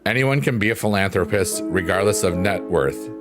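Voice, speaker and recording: A deep-voiced man at normal speed hosts a livestream, casually joking and wandering from topic to topic as he reads the chat aloud. A piano can be heard behind him.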